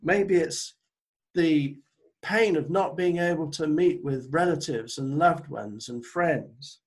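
A pastor recovering from an illness preaches a sermon over a video call, earnest and conversational, with self-deprecating asides. His voice is fairly high, slow and slightly rough.

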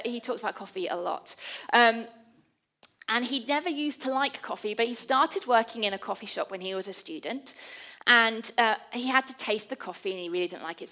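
A woman's voice: medium pitch, pushed and bright. A woman giving a conversational, self-deprecating sermon. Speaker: preacher.

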